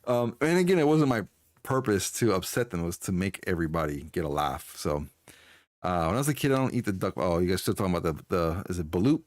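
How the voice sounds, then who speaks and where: A fairly low-pitched man talks casually into a close, dry mic during a live stream. He chats loosely with viewers, laughing often and restarting his sentences as he goes. The sound is close and dry, with no room echo. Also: big pitch swings, fairly quick. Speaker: streamer answering chat.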